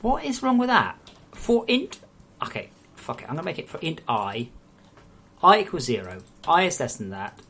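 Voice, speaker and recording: A woman's voice: deep voice, sing-song, moderate pace, a bit bright, slightly rough. A woman game developer chatting bluntly and swearing freely while she streams live coding, muttering to herself over the code.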